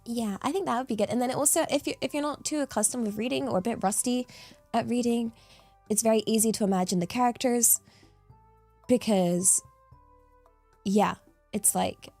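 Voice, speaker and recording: A woman's voice: on the high side, normal speed, pauses often, mellow, dry recording, soft background music. A British woman streaming, chatting casually with viewers in a playful, giggly way that swoops up into squeals. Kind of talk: casual livestream chat answering viewers.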